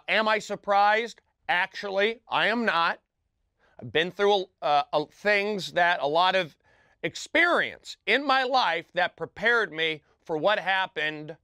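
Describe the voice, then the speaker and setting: Guy hosting a comedy show, slow halting self-serious talk, high bright voice. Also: smooth, dry recording, studio quality. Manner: halting, earnest, clipped phrases with sudden drops in volume.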